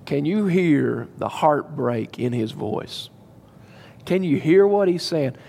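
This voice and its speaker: A man preaches to his congregation with a somewhat high-pitched voice. He leans hard on his points and repeats them for weight. His voice echoes with the long reverb of a large church hall. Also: animated, takes it slowly, creaky, warm tone, breathy edge. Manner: emphatic, repeats key phrases, addresses the congregation directly. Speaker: pastor. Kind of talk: sermon.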